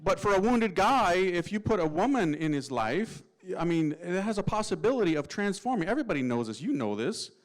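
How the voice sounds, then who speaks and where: A male priest telling his story with humor and slang, and he mimics the people in it. His voice sits a little higher than most men's. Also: a little fast, few pauses, low-quality recording. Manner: lively, slangy, acts out voices. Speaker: Catholic priest.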